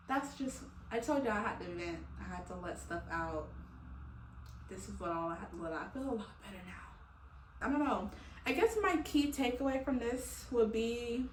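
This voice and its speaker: A woman with a medium-pitched voice casually vents to her vlog viewers, rambling with lots of fillers and laughing between thoughts in a heartfelt talk to camera. The room is echoey, she sits a little far from the mic, and there's slight background noise.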